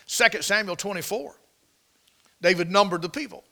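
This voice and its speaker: Male preacher, sermon, higher voice, folksy, emphatic, rhetorical questions. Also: moderate pace, creaky, sharp tone.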